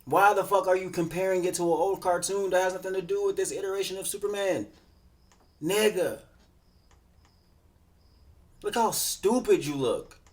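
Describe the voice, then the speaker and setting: A man's voice: high voice, normal speed, long pauses. Man, reaction host, heated and profane rant with AAVE delivery. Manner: exasperated, swearing, rising to shouts. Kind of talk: ranting reaction commentary.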